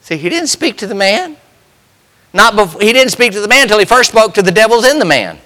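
High, animated preacher in a reverberant hall. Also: male voice, brisk. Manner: impassioned, asks the congregation rhetorical questions. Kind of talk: sermon.

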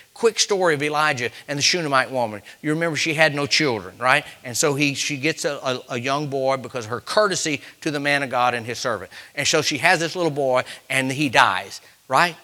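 A man preaching a sermon, telling stories to the congregation with quick asides and rising to loud, emphatic peaks. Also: medium pitch.

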